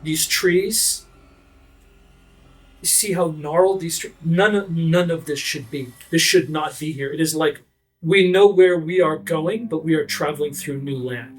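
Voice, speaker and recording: A man playing a stern scout chief, grave and loyal, reporting in a low, solemn, measured voice for a tabletop fantasy story. He sounds weighty and careful, a touch high for a man. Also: soft background music, low-quality recording. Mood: insistent.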